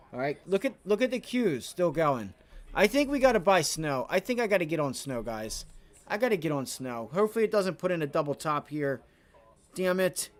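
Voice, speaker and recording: A man streaming live from home, giving excitable, profane trading commentary while talking to himself and his viewers. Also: medium pitch. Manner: excitable, swears, talks to himself and chat. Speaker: livestream day trader.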